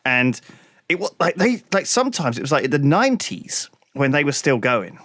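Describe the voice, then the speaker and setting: A man's voice: fairly high pitch, sing-song, normal speed, a bit bright, no echo, clean studio sound. A young man co-hosting a casual podcast chat, chatty and sweary. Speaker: podcast co-host.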